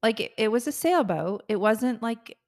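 A woman with a fairly high, animated, slightly mellow voice co-hosts a podcast at a normal pace. She's a chatty storyteller in this casual conversation and laughs often.

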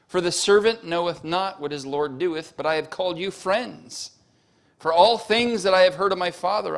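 Emphatic preaching pastor, man. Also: fairly high pitch. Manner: preaching with rising emphatic peaks and story asides; addresses congregation with show-of-hands questions. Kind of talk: sermon.

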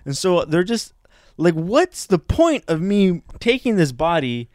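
A man's voice: high voice, big pitch swings, unhurried, a little mellow, dry recording, studio quality. A man co-hosting a podcast in loose, casual chat, swearing and laughing freely. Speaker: podcast co-host.

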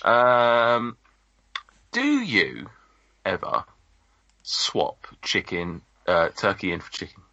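A man chats casually as a podcast co-host, his low voice bright and pushy, wandering through his points with plenty of ums. The recording is dry and dull, like lo-fi podcast audio. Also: huge pitch swings, slow, long pauses, no room sound. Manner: rambling, chatty, lots of ums and restarts. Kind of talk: casual chat.

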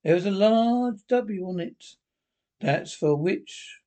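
A man's voice: high-pitched, animated, slow pace, mellow. A man reading a frail frightened young woman.

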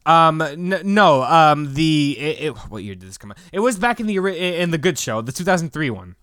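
Bright-voiced young man, loose chat. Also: fairly high pitch, lively intonation, fairly quick, no echo, clean studio sound. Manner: loose and rambling, heavy fillers, swears. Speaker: podcast co-host. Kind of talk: casual chat.

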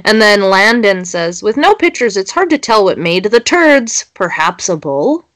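A woman's voice: medium pitch, big pitch swings, measured pace, fairly bright tone, no room sound. A young woman, co-hosting a casual chat and reading social media posts aloud. She giggles and swears freely.

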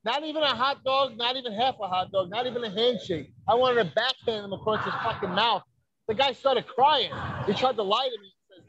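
A man's voice: very high voice, lively intonation, a little fast, a bit bright, highs cut off. A man, a wrestler telling brash, profane stories in a casual podcast chat. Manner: brash, profane, boastful storytelling. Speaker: wrestler guest.

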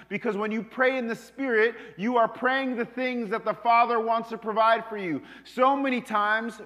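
A man preaching a sermon, animated, moving between loud calls and hushed asides. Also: extremely high pitch. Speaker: pastor. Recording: long reverb of a hall.

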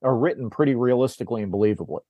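A man's voice: mid-range voice, rapid-fire, warm tone, dry recording. Man recapping a film, acting out quotes. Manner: rambling recap, acts out character lines, frequent restarts. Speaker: podcast host. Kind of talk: casual movie discussion.

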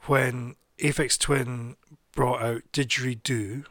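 A man's voice: mid-range voice, flat delivery, slow pace, a bit bright, no echo, clean studio sound. A man co-hosting a radio music show, chatting casually and rambling between records, laughing easily. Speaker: radio co-host playing records.

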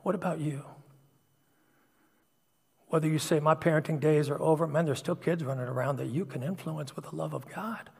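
A middle-aged man preaching a sermon, telling personal stories in a confessional way that swings from hushed to loud. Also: a little high, steady tone, normal speed, gravelly, long pauses, husky, long reverb tail.

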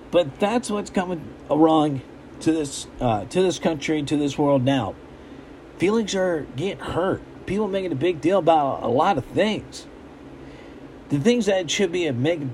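A man's voice: on the high side, a little mellow, slight background noise, poor audio. A young man in a blunt, repetitive, emphatic monologue, giving his opinions as a commentator. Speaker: political commentator. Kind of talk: casual ranting monologue.

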